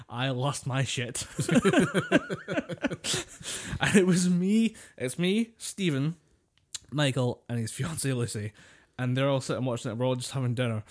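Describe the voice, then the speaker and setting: This man's voice sits in the mid range and moves a little fast. He's co-hosting a laid-back podcast, telling a story packed with swearing and laughter.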